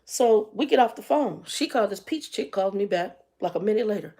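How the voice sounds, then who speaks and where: A woman's voice: mid-range voice, brisk, husky. Exasperated woman in her fifties telling a story. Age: 50s. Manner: animated and exasperated, acts out dialogue. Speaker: vlogger. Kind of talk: casual storytime vlog.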